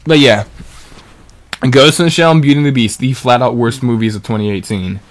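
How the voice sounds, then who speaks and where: A young man in casual chat as a podcast co-host, rambling and animated, restarting sentences as he retells scenes. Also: medium pitch, brisk. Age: young adult.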